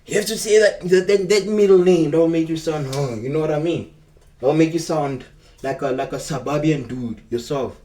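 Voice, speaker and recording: A man's voice: fairly high pitch, normal speed, warm tone. A young man with a South African accent, rambling through a casual storytime in slangy street talk. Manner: rambling and slangy, keeps calling the viewer bro. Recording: echoey room, mic at a distance.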